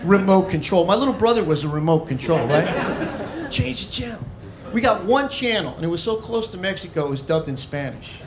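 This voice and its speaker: Brash high-voiced man doing stand-up. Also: animated, moderate pace, very noisy. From Arizona. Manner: brash, mocking, punchy delivery. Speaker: stand-up comedian. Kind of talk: stand-up comedy set. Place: comedy club stage. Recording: echoey club with audience laughter.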